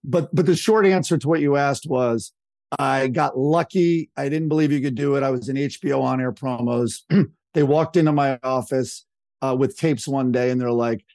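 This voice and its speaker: A man's voice: medium pitch, moderate pace, a little mellow, no room sound. Chatty middle-aged man with a dry sound. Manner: chatty, rambling, acts out quoted people. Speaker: podcast guest. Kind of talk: casual anecdotal storytelling.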